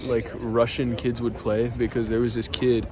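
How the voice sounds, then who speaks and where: A man's voice: medium pitch, completely flat delivery, normal speed, crowd noise. A young man chatting casually with friends, telling a story loosely with many filler words. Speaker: friend on the trip. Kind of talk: casual chat. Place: outdoors at a lookout.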